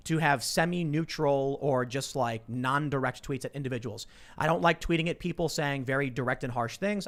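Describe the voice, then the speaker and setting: A man's voice: mid-range voice, a bit bright. A man hosting a podcast, telling stories in casual chat and acting out the people he quotes. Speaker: podcast host.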